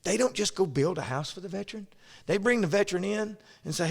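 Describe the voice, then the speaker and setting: Man, podcast host, rambling casual storyteller, a bit high-pitched, long reverb in the room. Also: animated, fast talker, vocal fry. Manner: rambling storyteller, frequent restarts and laughs. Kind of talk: casual conversation.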